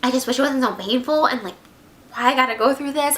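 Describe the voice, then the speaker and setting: A woman's voice: high voice, fast, fairly bright tone. Tearful heartbroken young woman vlogging. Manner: tearful, rambling, filler-heavy. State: heartbroken, near tears. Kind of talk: emotional confessional vlog.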